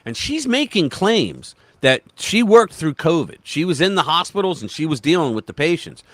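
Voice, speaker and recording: A man's voice: on the high side, moderate pace, dry recording. A man hosting a casual political livestream chat, talking emphatically and animatedly with many restarts. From United States. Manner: animated, emphatic, talks over himself with restarts and quoted voices.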